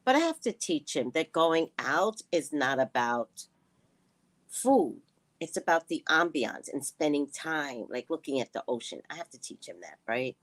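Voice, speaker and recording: A woman vlogger casually telling a personal story to her viewers, animated and quick to laugh, with frequent asides to her audience. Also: low voice. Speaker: spiritual reader and vlogger.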